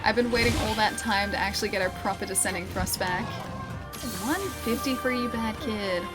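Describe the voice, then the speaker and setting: A woman's voice: mid-range voice, normal speed. A woman from Melbourne with an Australian accent, chatting casually with viewers while she plays a game, rambling and self-deprecating with lots of fillers. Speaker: streamer. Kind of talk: casual live-stream chat while gaming. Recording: game music clearly heard behind the voice.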